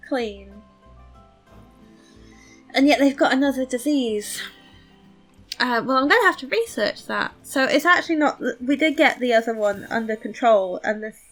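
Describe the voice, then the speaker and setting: A woman's voice: high-pitched, fairly bright tone. A woman giving casual commentary while playing a game, chatty, thinking aloud and poking fun at herself. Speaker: let's play host.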